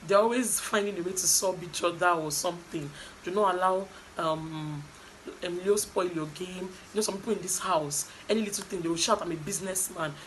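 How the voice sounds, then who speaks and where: A woman's voice: lowish voice, normal speed, slight background noise, poor audio. Chatty Nigerian woman vlogger. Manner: animated, chatty storytelling with asides. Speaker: vlogger recapping a reality show. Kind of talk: casual gossip recap.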